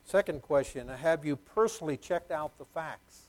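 A middle-aged pastor preaches a sermon in a slightly high voice at a moderate pace, with a noisy background. He is emphatic and repetitive, hammering key words and quizzing the congregation.

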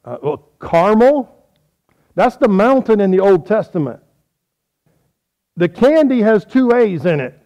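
A man's voice: high voice, very animated, measured pace, pauses often, mellow. A man preaching a folksy sermon, quizzing his audience on how they say words.

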